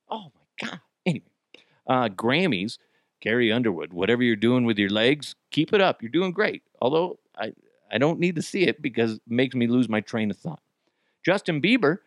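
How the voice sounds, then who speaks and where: A man hosting his own podcast alone, venting in a profane, exasperated rant that jumps into sudden yelling. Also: fairly high pitch, no echo, clean studio sound. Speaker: podcast host. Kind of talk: solo ranting podcast.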